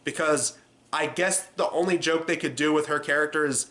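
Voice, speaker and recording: A man reviewing a low-budget movie in a casual, sarcastic, rambling way. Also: moderate pace, fairly bright tone.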